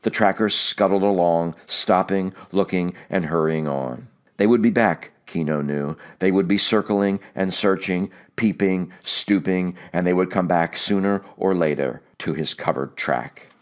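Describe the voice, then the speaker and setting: A man reading a novel aloud as an audiobook narrator, measured and steady. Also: sits low.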